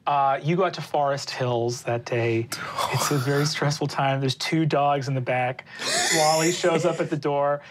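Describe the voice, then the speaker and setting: A woman narrating as game master of a tabletop game, halting with many fillers. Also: low-pitched, noisy background.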